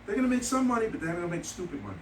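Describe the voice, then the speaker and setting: Speaking very fast in a high-pitched voice whose pitch swoops wildly, this man trains insurance agents at a motivational seminar. He hammers key points again and again and tells stories full of quoted dialogue. The meeting room echoes, the mic sits far off, there's a live audience, and slight background noise is audible.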